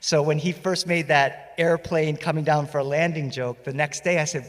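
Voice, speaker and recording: A man performing stories live on a festival stage, playful and animated, speaking into a stage microphone. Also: fairly high pitch, normal speed, big-room sound. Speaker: storyteller. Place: festival stage before an audience.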